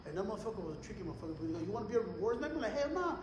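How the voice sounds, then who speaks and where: This young man talks very fast in a high-pitched voice, telling profane, animated stories in mixed English and Spanish slang as a podcast co-host. The casual chat sits in an echoey room with long reverb and a slight hiss or hum.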